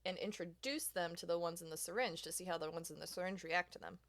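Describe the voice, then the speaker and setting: A woman's voice: on the low side, fairly even intonation, fast, a bit bright. A woman chatting casually as a tabletop game player, asking practical questions. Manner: inquisitive, practical.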